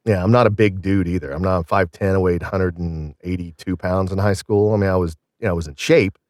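Man, Southern Illinois accent, middle-aged, low voice, rambling casual chat, dry recording. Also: fairly even intonation, fairly quick, a little mellow, no room sound. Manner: rambling, many fillers and restarts. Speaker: guest. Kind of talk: casual conversation.

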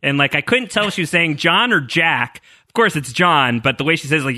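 A man hosting a podcast in casual, animated chat with many fillers. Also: fairly high pitch, fairly quick, hardly any pauses, no echo, clean studio sound. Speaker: podcast host.

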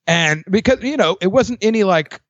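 A young man, a podcast guest, telling his dating stories in casual chat, candid and quick to laugh, swearing freely. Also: sits high, expressive, no room sound. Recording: dry, dull lo-fi sound.

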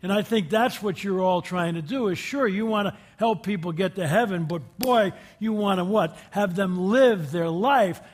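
A man's voice: sits high, normal speed, few pauses. A man giving an inspirational talk to a live audience, telling anecdotes in a folksy way and putting questions to his listeners. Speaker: guest speaker addressing a group.

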